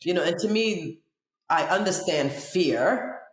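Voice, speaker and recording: A woman hosting a podcast interview, chatting casually and wandering into animated digressions. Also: on the low side, takes it slowly, roomy sound. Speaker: podcast host.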